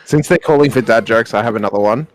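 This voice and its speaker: Young male race caster, jokey and relaxed. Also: mid-range voice, quick pace, crowd noise. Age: 20s. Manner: jokey, tells dad jokes. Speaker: race commentator. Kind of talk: live sim racing stream commentary.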